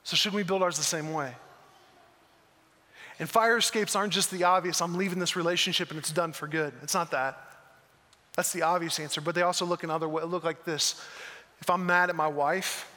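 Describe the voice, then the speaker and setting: Guy preaching, earnest and emphatic, highish voice, church hall echo. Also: bright, forceful tone. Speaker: pastor. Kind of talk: sermon. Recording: long reverb of a large hall.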